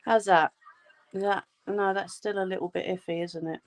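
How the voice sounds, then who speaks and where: A woman's voice: medium pitch, fairly even intonation, moderate pace, soft background music. A woman hosting a crafting livestream from a room at home, chatting casually and reassuring her viewers. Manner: reassuring, homely, calls viewers "love". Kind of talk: casual chat while crocheting, answering viewers' comments.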